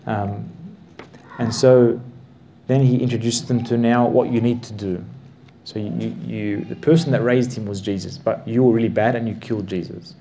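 A man teaching a Bible class, explaining the passage with slow, emphatic stresses and repeated words. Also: medium pitch, fairly even intonation, dark tone, a little hiss or hum.

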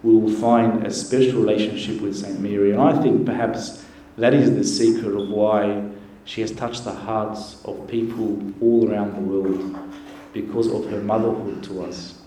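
A priest preaches in a gentle, earnest manner, pausing as he goes. His voice is low and mellow. The recording sits in a very echoey church with faint noise behind it. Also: steady tone. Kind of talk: sermon.

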